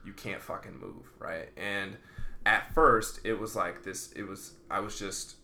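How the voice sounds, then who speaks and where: Gravelly man in an echoey room. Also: lowish voice, fairly even intonation, unhurried, sharp tone, slight background noise. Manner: laid-back, swears, lots of fillers. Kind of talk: casual chat, storytelling.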